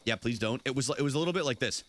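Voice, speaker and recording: A man's voice: very fast, slight background noise. A young man streaming a game live, chatting casually and goofily with his viewers. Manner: goofy, banters with chat, animated swings in pitch. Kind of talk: casual live gameplay chat.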